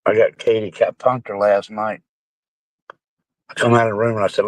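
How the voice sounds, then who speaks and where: A man's voice: lowish voice, level tone, moderate pace, pauses often, no echo, rough recording. A man chatting casually and rambling with his viewers on a live stream, sounding like he has a bad cold. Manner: rambling, salty, joking.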